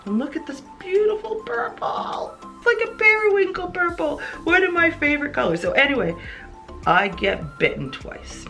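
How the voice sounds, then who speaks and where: A woman's voice: very high-pitched, normal speed, gravelly, faint music behind. A woman beauty vlogger chatting while doing her makeup, telling a story with lots of laughter and acted-out quotes. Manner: animated, laughing, acts out voices in her story. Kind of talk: chatty get-ready-with-me storytelling.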